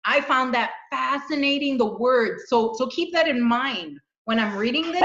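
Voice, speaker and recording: Woman host, earnest animated storyteller, roomy muffled recording. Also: high-pitched, normal speed, few pauses, very noisy. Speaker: channel host. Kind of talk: casual spiritual chat. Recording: dull echoey room sound.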